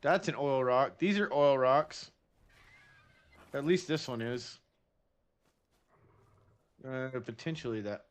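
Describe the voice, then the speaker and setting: A man from Texas talks loosely as he plays, tossing jokes to his viewers and grumbling to himself between tasks. His voice sits at an ordinary middle pitch, relaxed and conversational. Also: takes it slowly, long pauses. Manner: joking, muttering to himself while playing. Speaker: game streamer. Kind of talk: casual gameplay chat with chat.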